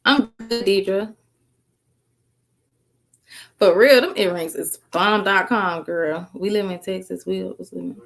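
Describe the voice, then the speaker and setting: Tired lady on a live stream, slow easy drawl, chatty, munching snacks. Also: medium pitch, gravelly. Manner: chatty, drawling, calls viewers girl and sis; eating snacks while talking. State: tired after work. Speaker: livestreamer chatting with viewers. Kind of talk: casual live-stream chat.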